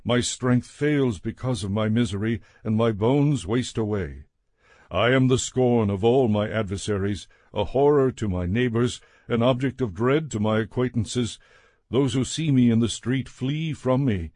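A man reading scripture aloud in a measured, solemn way. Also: mid-range voice, darkish tone, no room sound, studio quality. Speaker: scripture reader.

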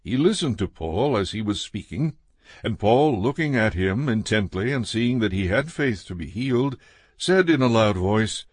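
A man's voice: lowish voice, no echo. Man reading scripture, dry close sound. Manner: measured, steady reading. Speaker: scripture reader.

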